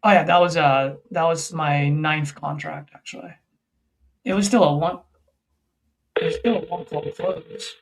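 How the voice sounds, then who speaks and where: Joking man with a higher voice. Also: steady tone, unhurried, vocal fry, low-quality recording. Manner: easygoing, joking, self-deprecating. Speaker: guest sales closer. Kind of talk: casual livestream chat.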